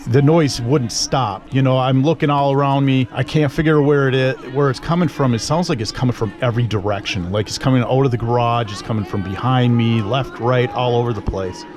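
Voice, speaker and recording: A man's voice: mid-range voice, fairly quick, few pauses, a little mellow, faint music behind. A man telling a personal ghost story in a rambling, conversational way, full of fillers and asides.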